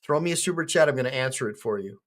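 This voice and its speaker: A man's voice: medium pitch, animated, racing, fairly bright tone. A man, an attorney hosting a livestream, chatting casually in a rambling, joking and crude way.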